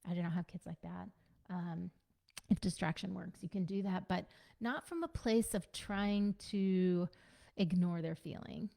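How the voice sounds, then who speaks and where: A woman giving a casual teaching talk to parents as a parenting coach, conversational and gently instructive, repeating her key points. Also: on the low side, unhurried, gravelly. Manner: conversational, frequent fillers like "you know" and "like".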